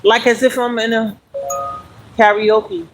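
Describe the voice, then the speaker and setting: Soft background music plays under a forties-aged livestreamer who rambles casually while walking and exercising outside, holding a phone. The mid-range voice is flat and slow, and the audio quality is poor.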